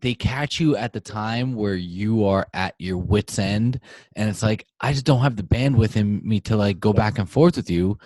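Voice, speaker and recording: A man's voice: on the low side, moderate pace, darkish tone, no echo. A middle-aged man co-hosting a podcast, reacting wryly and swearing freely as he chats. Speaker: podcast co-host. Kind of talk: casual chat.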